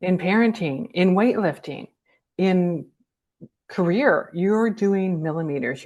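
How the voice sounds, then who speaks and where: A woman's voice: fairly low pitch, takes it slowly, a little mellow, lo-fi sound. A woman speaking as a guest in a candid conversation, blunt and emphatic, swearing freely. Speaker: guest, cancer survivor.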